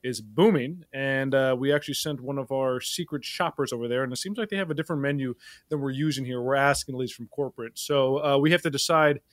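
A man doing improv comedy, chairing a meeting and then playing a doctor, with halting, filler-heavy delivery. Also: mid-range voice, dry recording.

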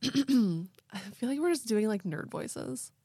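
Woman, podcast co-host, casual joking chat, slightly high voice, dry close mic. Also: expressive, mellow, husky, no echo. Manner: joking, quick asides.

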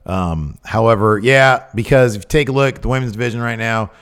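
A man's voice: mid-range voice, fairly quick, a bit bright, clean tone. A man co-hosting a podcast in casual, enthusiastic, rambling chat. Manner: enthusiastic, rambling, laughs often. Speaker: podcast co-host.

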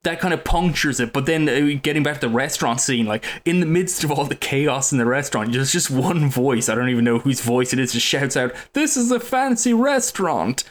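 A man co-hosting a film podcast, talking in a halting way, thinking aloud and restarting his sentences. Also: medium pitch. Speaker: podcast co-host. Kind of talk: casual film discussion.

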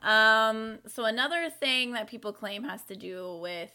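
A woman's voice: on the high side, animated, measured pace, pushed and bright, clean tone. A young adult woman co-hosting a podcast in casual chat, reading from her notes with lots of fillers and playful asides. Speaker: podcast co-host.

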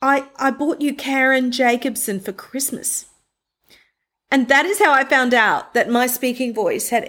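A woman, a voiceover artist talking as a guest in an interview and telling stories in a lively way. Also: a little high. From Australia. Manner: animated storytelling, acts out quoted friends. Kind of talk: conversational interview.

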